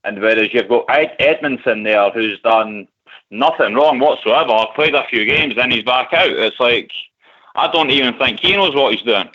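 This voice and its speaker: A man's voice: mid-range voice, moderate pace, bright, forceful tone. A man with an Edinburgh accent calling a radio phone-in, blunt and questioning. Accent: Scottish, Edinburgh. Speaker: caller. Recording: lo-fi phone-in audio.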